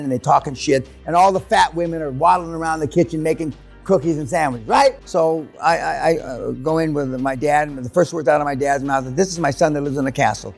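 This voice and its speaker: An older man addresses a seminar room with blunt, profane stories. His voice sits fairly high and has a gravelly, fry-laden edge. Faint music sits behind him. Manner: blunt, crude and swearing. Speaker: seminar speaker.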